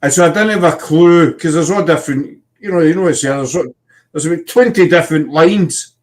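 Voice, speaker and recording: A man's voice: a little high, a little fast. A man with a Scottish accent, hosting a casual chat and telling rambling anecdotes.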